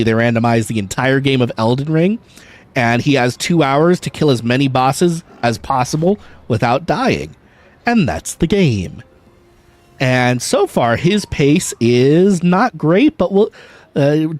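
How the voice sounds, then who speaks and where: A man chatting casually and jokingly on a gaming livestream, swearing and talking to his viewers. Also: medium pitch. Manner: chatty, jokey, swears and laughs easily. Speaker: streamer.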